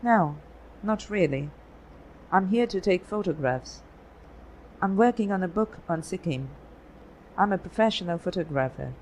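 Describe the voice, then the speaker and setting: An audiobook reader voicing a friendly, bearded foreign male photographer of about thirty, speaking in a polite, measured way. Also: mid-range voice, expressive, slight background noise, rough recording. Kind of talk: audiobook reading.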